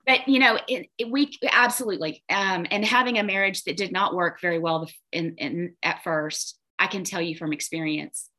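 Bright-voiced woman coaching on mindset. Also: lowish voice, moderate pace, hardly any pauses. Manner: animated, acts out quoted inner voices. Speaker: guest, business coach. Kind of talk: casual interview talk.

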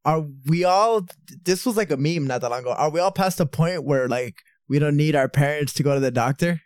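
A chatty man in his twenties on a podcast. His voice sits a little higher than most men's, and he keeps padding his talk with filler words. The sound is dry and close to the mic. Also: fairly quick, darkish tone, clear, resonant tone, no room sound. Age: 20s. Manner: chatty, hedges with lots of "like". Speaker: podcast co-host. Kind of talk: casual chat.

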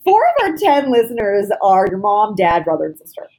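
A woman's voice: mid-range voice, sing-song, brisk, a little mellow. A woman co-hosting a podcast in casual chat, sarcastic and blunt, swearing freely. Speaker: podcast co-host.

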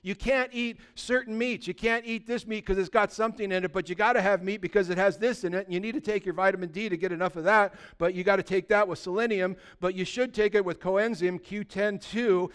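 A middle-aged man preaching a sermon as pastor, animated and humorous, rattling off quick lists between scripture readings. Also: sits high, smooth. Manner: animated, humorous asides, rapid list-making.

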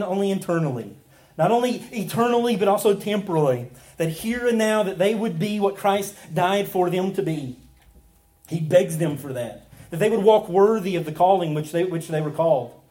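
Pastor guy preaching, kinda high voice, lots of ums and restarts, really emphatic. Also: dark tone. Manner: earnest, emphatic preaching with frequent fillers and restarts. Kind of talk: sermon.

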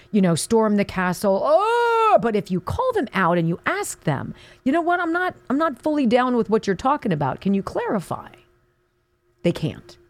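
A middle-aged woman hosting a talk show, her pitch swinging widely as she mocks and stresses her points. The sound is close and dry, with no room around it. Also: a little mellow, no room sound. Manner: sarcastic, emphatic, mocking asides. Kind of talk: opinionated talk radio monologue.

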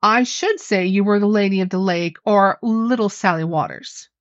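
A woman voicing a brave, exasperated gentleman, the master of a haunted house, who is stiffly polite and sarcastic. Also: mid-range voice, lively intonation, moderate pace, dry recording, close to an everyday voice. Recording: dry, dull lo-fi recording.

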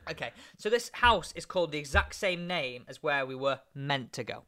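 Young man, bright higher voice, animated storyteller who does other voices. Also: moderate pace. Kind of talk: casual anecdote.

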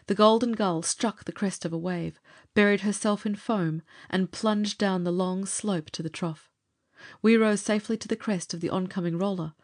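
A woman narrating a pulp adventure story for an audiobook in a measured, steady way. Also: mid-range voice.

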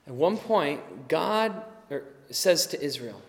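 A man with a high voice preaches to his congregation, swinging from forceful emphasis to hushed asides. His talk is casual and conversational, dotted with fillers, and a long reverb trails behind every word. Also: slow, vocal fry. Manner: animated preaching, swinging between loud emphasis and quiet asides; conversational, with occasional laughs and fillers. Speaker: pastor. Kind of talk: sermon.

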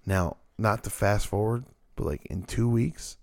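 A man's voice: on the low side, measured pace, gravelly, dry recording, studio quality. A man co-hosting a podcast in loose, rambling casual chat, swearing freely. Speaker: podcast co-host.

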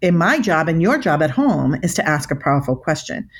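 Middle-aged female expert guest, slightly low pitch, animated and emphatic storyteller. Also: fairly quick, husky. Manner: emphatic, restarts words often. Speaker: body language expert guest.

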